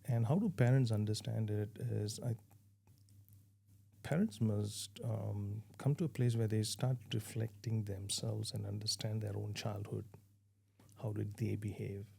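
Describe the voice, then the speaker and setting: Gravelly low-voiced man giving advice. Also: fairly even intonation, unhurried, warm tone. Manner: earnest, advising, with repeated restarts. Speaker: parenting guest. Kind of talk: conversational interview answers.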